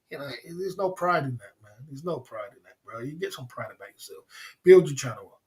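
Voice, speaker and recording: A man's voice: on the high side, fast talker, darkish tone. A man hosting a livestream, lecturing his chat in a repetitive, emphatic way and chuckling between points. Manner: repetitive, emphatic, chuckling between points, keeps asking "you know what I mean". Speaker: livestream host. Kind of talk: casual livestream rant.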